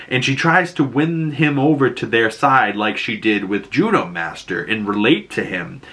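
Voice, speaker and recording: Guy rambling through a show recap, bright voice, loose and sweary. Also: medium pitch, expressive, normal speed, few pauses. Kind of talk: casual recap commentary.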